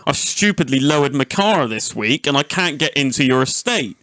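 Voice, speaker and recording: A man's voice: medium pitch, moderate pace, dry recording. A young man, telling a rowdy, swear-filled story as a podcast host. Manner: sweary, animated anecdote-telling. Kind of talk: casual storytelling chat.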